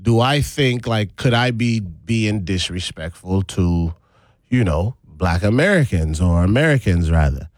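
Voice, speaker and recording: A man's voice: lowish voice, expressive, a little slow, dry recording, clean studio sound. A male radio host in casual chat who keeps slipping into a put-on West Indian accent and laughs often.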